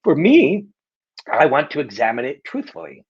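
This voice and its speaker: Blunt, cursing host on lo-fi audio. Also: male voice, a little high, big pitch swings, moderate pace, husky. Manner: blunt, emphatic, curses freely, restates points. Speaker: host of a live Q&A show. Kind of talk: casual live Q&A monologue.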